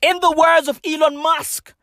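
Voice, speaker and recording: A woman doing a comedic rant, full of slang and swearing, leaning on "bro" and "bruv", and swinging between shouts and whispers. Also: high-pitched, fairly even intonation, moderate pace, gravelly, no room sound, clean studio sound.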